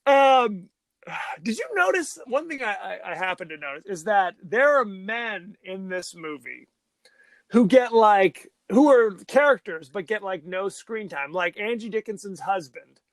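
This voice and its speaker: Lively, rambling male podcast host. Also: high voice, measured pace, no echo. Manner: rambling, jokey, lots of restarts. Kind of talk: casual movie discussion.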